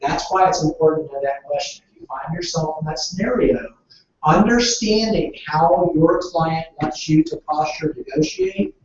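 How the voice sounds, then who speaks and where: A man's voice: fairly high pitch, darkish tone. Man teaching from far in an echoey room. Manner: asks the room questions, then waits. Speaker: real estate trainer. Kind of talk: training session talk. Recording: echoey room, distant dull mic.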